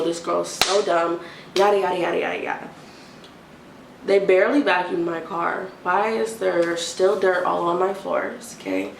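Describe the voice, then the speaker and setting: A young adult woman telling an exasperated storytime rant, animated and mimicking a timid whisper now and then. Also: fairly low pitch, vocal fry. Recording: roomy, distant, faint hiss.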